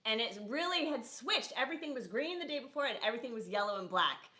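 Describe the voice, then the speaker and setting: A woman's voice: fairly high pitch, animated, fast, sharp tone, roomy sound. A middle-aged woman co-hosting a travel channel's live stream, chatting enthusiastically and teasing her co-host. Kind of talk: casual live-stream chat.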